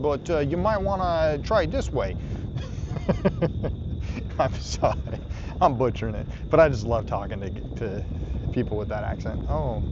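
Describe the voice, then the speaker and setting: A man in an easygoing vlog, rambling along with plenty of fillers and little laughs while he rides through a campground. His voice sits at an ordinary middle pitch. Steady outdoor noise runs under him the whole time. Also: dull audio. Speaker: RV travel vlogger. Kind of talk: casual vlog narration. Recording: noisy outdoor recording. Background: outdoor ambience and noise.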